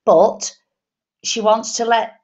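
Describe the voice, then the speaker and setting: A woman's voice: fairly high pitch, fairly even intonation, slow, darkish tone, lo-fi sound. A woman medium on a live show, passing on spirit messages in a homely way and repeating key phrases. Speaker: psychic medium co-reader. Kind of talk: live online reading show.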